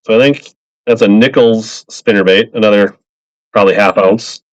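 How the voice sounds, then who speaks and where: A man auctions fishing lures live, rambling cheerfully and welcoming buyers by name. He has a lowish voice and a moderate pace, recorded with no room sound in slightly dull, lo-fi stream quality.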